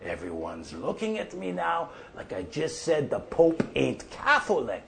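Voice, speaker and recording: An actor playing an older farmer off the drink who tells profane, folksy stories. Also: male voice, on the high side, huge pitch swings, unhurried, creaky, a bit bright, exaggerated voice. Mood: rambling. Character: older male prairie farmer off the drink, gruff storyteller. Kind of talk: monologue.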